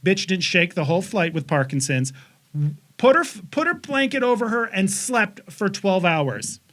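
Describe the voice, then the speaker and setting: A man's voice: high voice, very animated, moderate pace, fairly bright tone. A man in his forties co-hosting a podcast, telling a profane story in casual chat and putting on voices for the people in it. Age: 40s. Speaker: podcast co-host.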